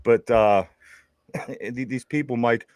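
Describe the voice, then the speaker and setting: A man's voice: mid-range voice, steady tone, slow, a little mellow, clean tone, no echo, studio quality. A man with a Pittsburgh accent, co-hosting a casual sports podcast and telling a rambling story, stammering and repeating his words. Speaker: podcast co-host.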